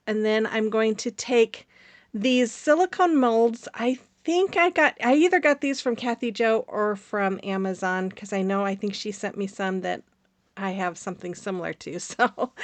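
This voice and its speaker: Woman host, casual craft voice-over, chatty and giggly, mid-pitched, dry close sound. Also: normal speed, fairly bright tone, no echo. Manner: chatty, rambling, laughs often, many fillers.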